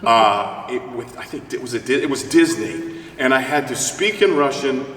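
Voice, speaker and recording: A man's voice: mid-range voice, moderate pace. A middle-aged male opera singer talking as an interview guest, joking and rambling as he tells stories. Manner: joking, rambling, animated storyteller. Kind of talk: casual interview chat. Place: church. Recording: roomy church hall, mic at a distance, faint hiss.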